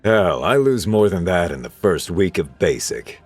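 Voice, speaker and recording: Gruff old drill sergeant, dry clipped lines, deep voice, a guy doing him. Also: sing-song, normal speed, soft background music, exaggerated voice. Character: gruff veteran male drill instructor, unflappable.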